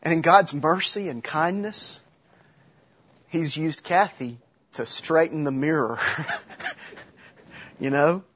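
A middle-aged man delivers a sermon in a husky, slightly high voice. He preaches conversationally, with restarts and light humor, and the recording sounds dull and lo-fi. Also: slow, long pauses, a bit bright. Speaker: pastor.

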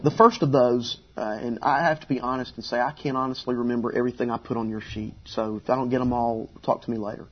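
Husky-voiced pastor preaching earnestly. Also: male voice, medium pitch, fairly even intonation, quick pace, hardly any pauses, dull audio. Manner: earnest, conversational, emphatic repetition. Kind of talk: sermon.

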